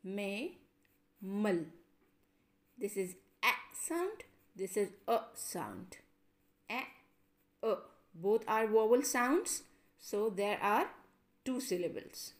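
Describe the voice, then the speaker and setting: Slow woman teacher drilling syllables. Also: medium pitch, expressive. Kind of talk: classroom lesson.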